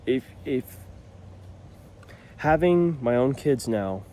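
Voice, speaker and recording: A man's voice: mid-range voice, lively intonation, slow pace, dark tone, slight background noise. A man in his twenties, a new father talking casually and earnestly to camera, rambling a little and restarting his sentences. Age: 20s.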